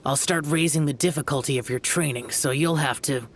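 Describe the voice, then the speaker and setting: A man's voice: on the high side, a little fast, noisy background, natural voice. A man voicing a stern, aloof young male guardian spirit in a video game, lecturing curtly over music. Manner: cold, lecturing, curt.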